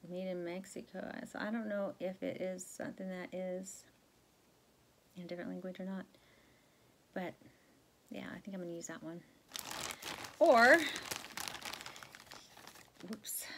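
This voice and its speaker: Chatty woman, lowish voice. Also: steady tone, a little slow, pauses often, slight background noise. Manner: chatty, rambling, many fillers and self-corrections. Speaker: cross-stitch vlogger. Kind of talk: casual chat to viewers.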